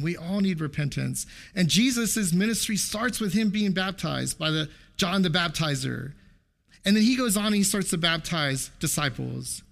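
A middle-aged man delivers a sermon from the pulpit, his voice sitting a little high with a gravelly edge. He tells stories in an animated way and acts out the quoted lines before settling into steady teaching. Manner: storytelling with acted quotes, animated. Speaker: pastor.

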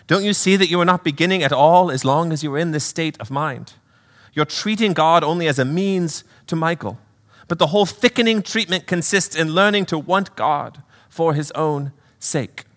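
A patient, kindly male spirit, as a preacher acts him out talks in a gently reasoning British voice. He is raised in pitch and sounds bright and clear. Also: normal speed, in a large hall, lightly acted. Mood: gentle. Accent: British, put on.

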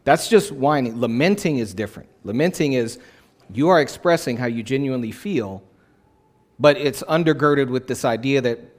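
A man's voice: mid-range voice, moderate pace. A male pastor preaching a sermon in a conversational way, repeating phrases for emphasis.

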